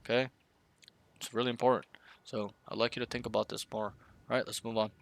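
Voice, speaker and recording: A man's voice: mid-range voice, little pitch movement, a little fast, vocal fry, no echo. A man coaching a student through a match review, blunt and profane, often acting out team callouts. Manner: blunt, swears freely, acts out callouts. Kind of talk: casual coaching session.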